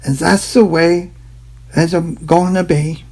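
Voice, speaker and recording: A man puts on a high, sing-song mock Chinese accent, clumsy enough to slip toward German. The impression is deliberately bad and jokey, with a gravelly, husky grain showing through. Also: fairly even intonation, mellow. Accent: mock Chinese, clumsy and partly German-sounding. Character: man in a broad, exaggerated put-on accent.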